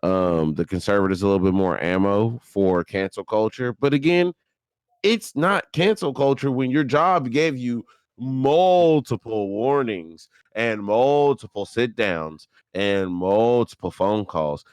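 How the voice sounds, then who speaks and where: A man's voice: on the low side, expressive, a little slow, smooth, dry recording. A man on a casual podcast, laying out his argument step by step. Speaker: podcast co-host.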